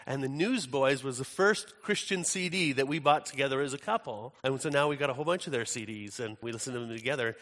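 A man voicing a gruff, rough-looking smoker who talks in a casual, offhand way, in a bright, reverberant hall. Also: mid-range voice, fast talker, few pauses, natural voice.

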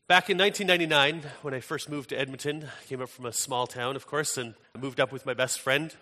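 Earnest pastor, bright voice. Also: male voice, mid-range voice, fast talker, hardly any pauses. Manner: earnest, conversational, animated when telling a story. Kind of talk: sermon with prayer and storytelling. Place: large church hall. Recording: reverberant hall sound.

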